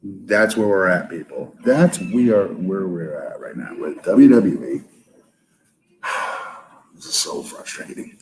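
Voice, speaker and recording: A man with a low, mellow voice gives blunt wrestling opinions in casual podcast talk. He sounds exasperated and fires off quick asides, over a faint hiss. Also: big pitch swings, gravelly, poor audio. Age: older. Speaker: podcast guest, former wrestler. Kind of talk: casual wrestling review chat.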